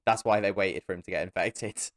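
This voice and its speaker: A young man co-hosting a casual film podcast, animated and swearing, often jumping into high mocking voices. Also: a little fast, no echo, studio quality. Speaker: podcast co-host. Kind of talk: casual film review chat.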